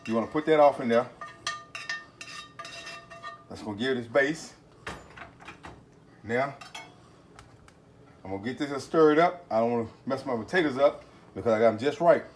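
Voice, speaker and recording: A man's voice: medium pitch, moderate pace, long pauses, slight background noise. Folksy man cooking in his kitchen. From Texas. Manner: folksy, excitable, talks to viewers with catchphrases. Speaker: home cooking channel host. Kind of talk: casual cooking video talk. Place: home kitchen.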